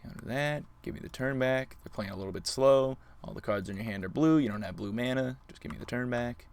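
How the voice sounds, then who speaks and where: On a live stream, a man narrates his own card game in a brisk, medium-pitched voice. He's playful and chatty, bantering with both his opponent and the viewers in chat.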